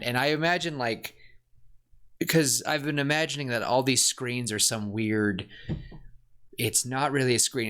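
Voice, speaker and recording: A man co-hosting a podcast in casual chat, talking in an excited, rambling, gushing way. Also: mid-range voice. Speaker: podcast co-host.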